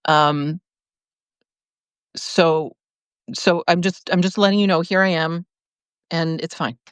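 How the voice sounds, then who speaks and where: A woman hosting a live video, reading out viewer comments and answering in an animated way, laughing often and restarting her sentences. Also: lowish voice, slow pace, clear, resonant tone, dry recording. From lived in Chicago, now in California. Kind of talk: casual live-stream talk.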